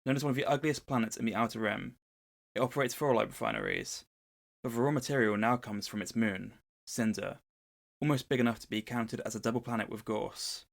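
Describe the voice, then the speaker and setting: A man's voice: medium pitch, brisk, gravelly. A man co-hosting a casual podcast, retelling a book's plot in an easygoing storytelling way. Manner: storytelling summary of a book plot. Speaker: podcast co-host.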